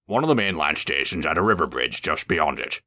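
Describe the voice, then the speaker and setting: A man reading a storybook aloud with lively, expressive narration. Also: a bass voice, brisk.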